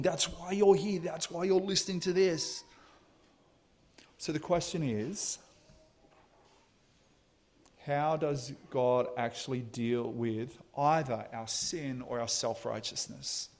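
A man's voice: medium pitch, a little mellow. A man delivers a sermon in an ordinary mid-range voice. He tells a story in earnest, often restarting his phrases and pressing hard on the key lines. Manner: storytelling, halting restarts, emphatic. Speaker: preacher.

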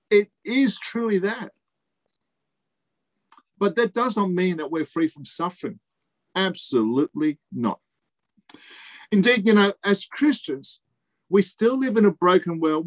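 A man preaching a sermon, emphatic, repeating key phrases and pausing for effect. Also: on the high side, no room sound.

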